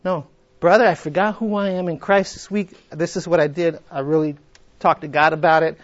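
A man's voice: a little high, fairly even intonation, brisk, lo-fi sound. A middle-aged man leading a Bible study, who acts out quoted prayers in a raised, emphatic voice. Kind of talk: interactive Bible teaching.

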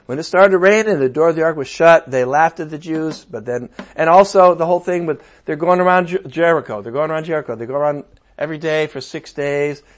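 A man preaching a sermon in a conversational, animated way, with playful asides and sudden outbursts. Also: fairly high pitch, brisk.

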